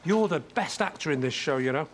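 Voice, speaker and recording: Bumbling eager extra, chirpy and sorry, high lively voice, played by a man. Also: brisk, noisy background, natural voice. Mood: earnest. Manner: chirpy, apologetic, earnest. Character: bumbling eager male extra, young adult. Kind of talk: sitcom acting.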